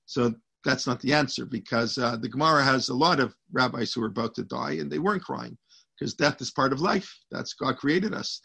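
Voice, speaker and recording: Gravelly man teaching a Torah class. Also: medium pitch, normal speed, sharp tone. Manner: rambling, restarts, quotes Hebrew texts.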